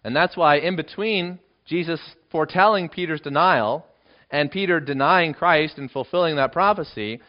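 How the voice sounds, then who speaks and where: A pastor with a voice on the high side preaches at a normal speed, giving an expository sermon with emphatic delivery. Quoted lines draw dramatic swells from him. The recording is lo-fi and dull.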